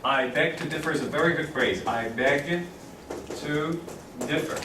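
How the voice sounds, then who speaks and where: A man with a fairly high voice teaches a lively English class, slowly repeating phrases so students can keep up. He's recorded from across an echoey classroom, with a faint hum from the room underneath.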